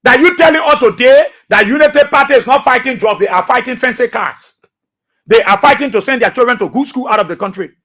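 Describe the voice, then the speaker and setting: A man's voice: extremely high pitch, quick pace, a bit bright. A man with a Liberian English accent hosting political talk radio, passionate and repeating phrases for emphasis.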